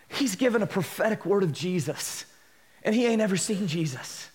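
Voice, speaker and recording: A male pastor preaching a sermon, animated, acting out scripture quotes and breaking into shouts. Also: on the high side, moderate pace, in a large hall. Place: church sanctuary.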